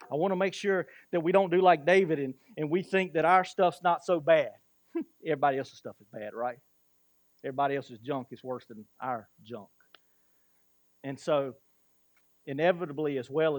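Man, pastor, sermon, high voice, slow emphatic storytelling, chuckles, dry close mic. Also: no echo.

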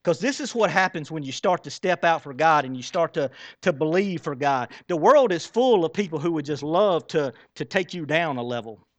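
A man preaching a sermon as pastor, animated and asking the congregation questions as he acts out the story. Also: a little high, normal speed, few pauses, dry recording. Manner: acts out Bible characters in quoted voices.

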